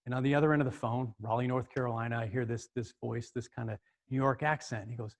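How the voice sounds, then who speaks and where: A middle-aged man tells a story in a lively way, repeating words as he goes. His pitch sits at an ordinary middle height for a man. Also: fast, creaky. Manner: animated, acts out the other voices, repeats words as he goes. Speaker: speaker. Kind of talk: storytelling talk.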